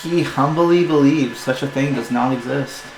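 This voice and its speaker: A man's voice: mid-range voice, normal speed. A man running a tabletop game as game master, narrating in a casual, loose way with many fillers. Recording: echoey room with some noise.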